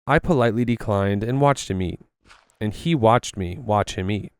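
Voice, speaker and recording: A man reading a first-person story aloud while playing a video game, in a steady storytelling manner. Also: on the low side, normal speed, clear, resonant tone, no room sound. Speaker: story narrator.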